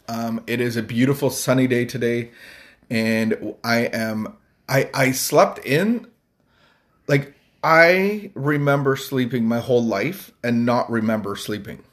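A man co-hosting a casual morning live stream. He rambles and jokes, chuckling now and then in a mid-pitched voice. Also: unhurried. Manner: rambling, jokey, chuckles often.

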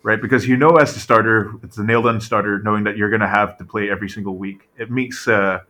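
A man talking through a casual sports podcast, his voice a touch low and forceful with a bright edge. He keeps checking in with "right?" and leans on fillers as he builds a point. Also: quick pace. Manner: animated, full of "right?" tag questions and fillers. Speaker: podcast co-host.

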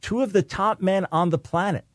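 A man's voice: high-pitched, normal speed, no echo. Emphatic male talk radio host. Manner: emphatic, insistent, repeats points for stress.

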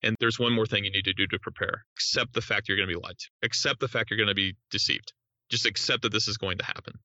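Podcast guest, male, low pitch, very dry sound, emphatic teacher who repeats his points. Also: fast, no echo, lo-fi sound. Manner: emphatic, repeats phrases, rising excitement on key points. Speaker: hostage negotiator guest. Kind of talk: podcast interview, teaching negotiation.

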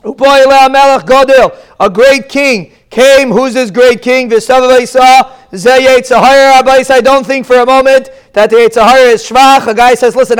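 A man with a high, smooth, clear voice teaches a Torah lesson. He is animated and tells stories, and his voice climbs sharply when he stresses a point. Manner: animated, storytelling, pitch jumps up for emphasis. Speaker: Torah teacher giving a daf shiur. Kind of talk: lively Torah lecture with Yiddish and Hebrew terms.

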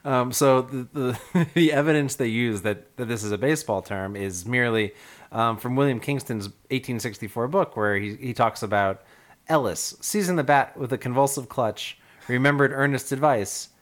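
A podcast co-host explains what he has researched in a casual chat, full of ums and quick to laugh. His voice is mid-range and he speaks at a normal speed, sounding explanatory but hesitant.

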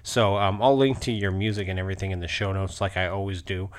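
A man's voice: low voice, fast talker. A man hosting a podcast interview, rambling casually with many restarts and frequent laughs. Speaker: podcast host.

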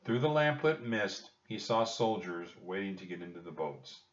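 A man reading a children's chapter book aloud with expressive storytelling. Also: low-pitched, moderate pace. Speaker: audiobook reader. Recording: distant roomy dull home recording.

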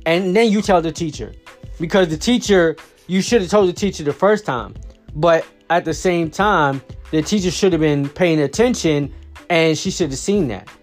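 A man's voice: fairly high pitch, moderate pace, faint music behind. A father casually telling a story about his daughter, rambling with many fillers and restarts.

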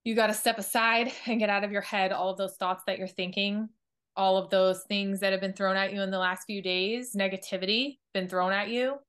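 A woman's voice: mid-range voice, fairly even intonation, brisk, a bit bright, clean tone. A woman co-hosts a casual podcast chat in a mid-range voice. She speaks in an earnest, driven way, with an easy conversational delivery. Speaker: podcast co-host.

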